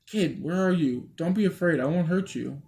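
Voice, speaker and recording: A man voicing a bold young woman in a storybook reading, sarcastic and quick to swear. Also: a little high, darkish tone, pitched above the performer's own voice, lightly acted. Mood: coaxing.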